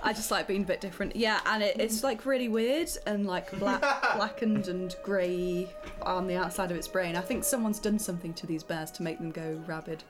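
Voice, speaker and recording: A woman talks casually as a player in a tabletop game. She is chatty and giggly, with a steady stream of fillers. Music plays behind her. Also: mid-range voice, normal speed, hardly any pauses.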